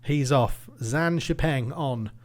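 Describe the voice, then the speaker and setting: A man commentating his own football management game, swinging between nervous muttering and excited shouting. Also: mid-range voice, slow. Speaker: gaming YouTuber.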